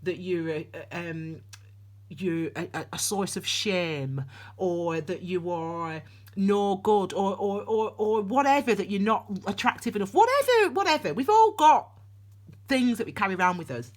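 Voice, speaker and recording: Unhurried and lowish in voice, this woman offers a chatty tarot reading that rambles, full of restarts and spoken asides.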